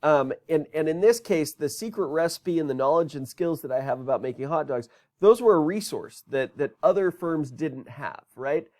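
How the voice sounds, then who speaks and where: A man's voice: a little high, expressive, moderate pace, darkish tone. A man teaching a business course in a recorded lecture, talking conversationally and asking rhetorical questions.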